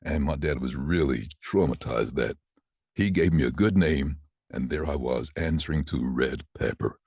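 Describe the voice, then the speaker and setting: Very deep husky man in his sixties. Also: normal speed, no echo, clean studio sound. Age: 60s. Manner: animated, acts out quoted voices. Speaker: voice actor guest. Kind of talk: casual interview storytelling.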